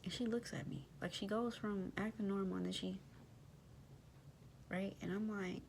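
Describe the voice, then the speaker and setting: A woman's voice: mid-range voice, fairly even intonation, moderate pace, creaky, a little hiss or hum. A young woman, animatedly telling a personal story in slangy casual speech and addressing her listeners directly.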